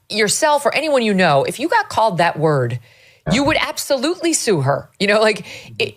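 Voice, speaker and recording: A woman hosting a political talk show, speaking in an animated, emphatic way. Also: lowish voice.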